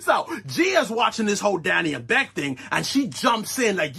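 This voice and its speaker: Man, reaction vlogger, high animated voice, gravelly, husky, bright, slangy banter. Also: normal speed, few pauses. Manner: animated, slangy, laughing asides. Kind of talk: casual recap commentary.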